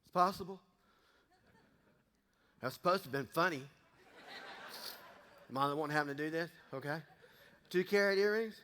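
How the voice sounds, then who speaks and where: A man's voice: on the high side, moderate pace, long pauses, sharp tone, a little hiss or hum. A middle-aged man, giving a casual sermon, folksy and joking with the congregation. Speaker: pastor. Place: church sanctuary. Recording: long reverb of a church hall.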